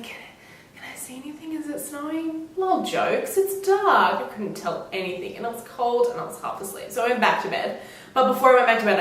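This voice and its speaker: Young aussie woman vlogging, bubbly and giggly, bit high, echoey room and a bit off mic. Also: distant mic. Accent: Australian. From Australia. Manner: bubbly, giggly, playful sing-song. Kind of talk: casual chat to camera. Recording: echoey room, slightly off-mic, faint hiss.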